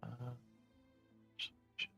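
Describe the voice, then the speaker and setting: A man's voice: takes it slowly, sharp tone, soft background music, rough recording. A man playing a tabletop game, speaking in a hesitant, stumbling way with many fillers. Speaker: player. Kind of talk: in-character tabletop chat.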